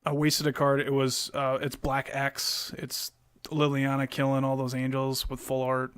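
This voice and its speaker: A man's voice: mid-range voice, completely flat delivery, unhurried, a bit bright, smooth, dry recording, studio quality. A man co-hosting a podcast, talking casually and walking through game plays step by step. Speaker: podcast co-host. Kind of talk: casual chat.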